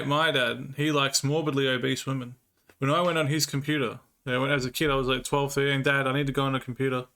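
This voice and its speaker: A man's voice: mid-range voice, a bit bright. A man livestreaming and chatting casually, telling crude, laughing anecdotes and answering chat.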